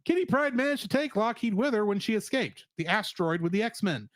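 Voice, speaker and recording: A man's voice: sits high, expressive, fairly quick, dry recording, studio quality. A man co-hosting a podcast, chatting casually and animatedly, slipping into jokey put-on accents. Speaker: podcast co-host. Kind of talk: casual chat.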